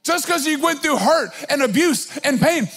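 High-voiced man preaching emphatically. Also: animated, moderate pace, vocal fry, fairly bright tone. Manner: emphatic, conversational preaching with many filler "like"s. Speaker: pastor. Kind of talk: sermon.

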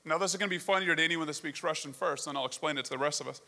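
A man's voice: fairly high pitch, racing, creaky, sharp tone. A man preaching a sermon, telling a story and asking the congregation rhetorical questions. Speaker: pastor. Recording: long reverb of a large hall.

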